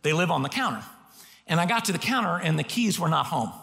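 A male pastor preaching, his fairly high voice gravelly with a hint of fry, bright and sharp at the edges. He tells his stories in an animated, self-mocking way. The sound rings out in the long reverb of a big hall. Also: quick pace. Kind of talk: sermon.

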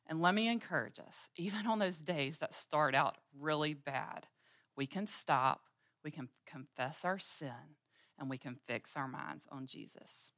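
A woman in her thirties leads a women's Bible study in a low, earnest voice. She teaches through homely stories from her own days and acts out little scenes as she goes. Her voice sounds close and dry, with no room echo. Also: unhurried, fairly bright tone. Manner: earnest storytelling, acting out everyday scenes with quoted voices.

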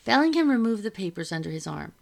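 A woman reading a novel aloud to listeners in a steady storytelling manner, with a gravelly voice. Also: medium pitch, fast talker.

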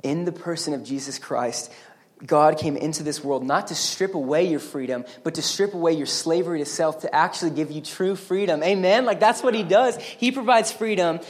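A man preaching a sermon as pastor, earnest and emphatic, with casual asides to the congregation. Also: normal speed. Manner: earnest, emphatic preaching that rises higher and louder on exhortations; conversational asides and checks with the congregation.

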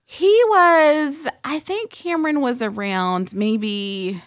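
A woman co-hosting a podcast, telling a story in a casual, animated way with frequent "um" and "like". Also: sits high, slow pace, no echo, clean studio sound. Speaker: podcast co-host.

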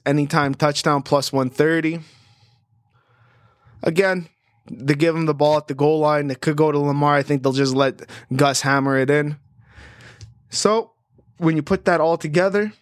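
A man hosting a sports betting podcast in a chatty, animated way, rattling off stats and odds. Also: fairly high pitch, no echo, studio quality. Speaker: host.

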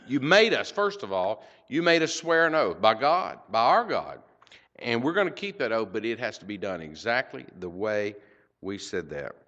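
A man's voice: lowish voice, a bit bright, muffled recording. An older man teaching a Bible passage verse by verse, folksy, with rhetorical questions and personal stories.

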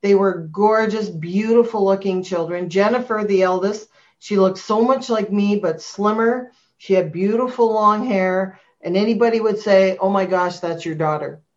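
A middle-aged woman, a guest, telling her personal testimony in a heartfelt, storytelling way, rushing at moments and going soft and slow at others. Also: medium pitch, steady tone. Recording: dull lo-fi sound.

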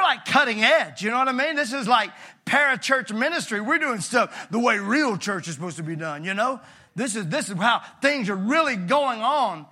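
A male pastor preaching with a high, bright voice. His delivery is conversational and animated, with casual asides to the congregation. The tone stays forceful and clear throughout. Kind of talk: sermon.

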